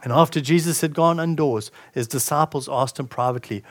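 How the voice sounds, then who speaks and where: A man's voice: a little high, a little fast. A male pastor preaching a sermon, reading scripture aloud and commenting on it with frequent restarts.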